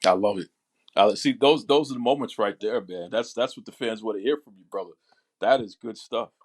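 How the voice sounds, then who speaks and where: A man's voice: on the low side, fairly quick. A man hosting a wrestling podcast, talking eagerly as a fan and often restarting his words. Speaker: podcast host. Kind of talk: casual podcast chat.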